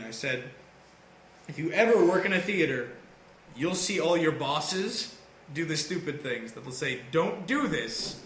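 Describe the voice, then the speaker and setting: High bright-voiced guy telling goofy stories, laughs loud a lot, echoey room. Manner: animated, laughs loudly and often. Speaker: podcast co-host. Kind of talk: casual storytelling chat. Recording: echoey room with faint noise.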